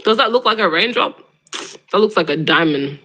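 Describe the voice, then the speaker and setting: A woman's voice: medium pitch, expressive, moderate pace, sharp tone, breathy edge, rough recording. A young woman hosting a live debate stream, argumentative and exasperated, pressing her question again and again. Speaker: livestream debate host.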